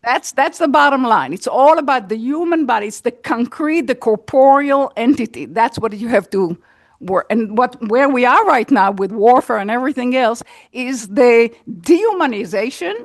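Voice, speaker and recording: A woman speaks up from the audience with a long, earnest comment, pressing her points and repeating key words. Her voice is fairly high, and the sound is dry with no room echo. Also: animated, normal speed. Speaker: audience member asking a question. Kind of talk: unscripted comment from the floor.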